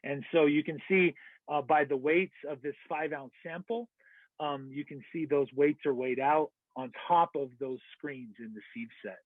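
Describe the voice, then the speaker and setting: A man's voice: fairly high pitch, moderate pace, dry recording. An American man giving an online lecture, explaining step by step with fillers and self-corrections. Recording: tinny phone-like dry audio.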